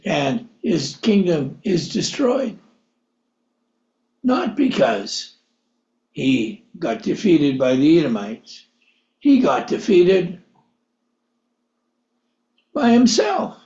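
A man's voice: a little high, huge pitch swings, very slow, long pauses, darkish tone, reverberant, muffled recording. A man preaching a Bible-teaching sermon, reading verses in old scriptural wording, explaining them conversationally and asking his listeners rhetorical questions.

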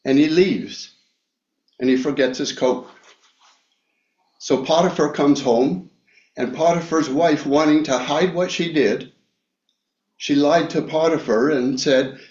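A man preaching a Bible study sermon, talking slowly with many fillers and restarts. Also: on the high side, a little mellow. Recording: echoey room, dull lo-fi sound.

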